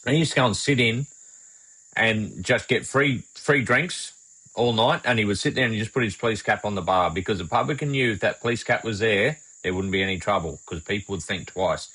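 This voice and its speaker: A man co-hosting a podcast, telling a story in a halting way with many fillers. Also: lowish voice, bright, forceful tone, breathy edge, low-quality recording. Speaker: podcast co-host, former police officer. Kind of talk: casual podcast chat.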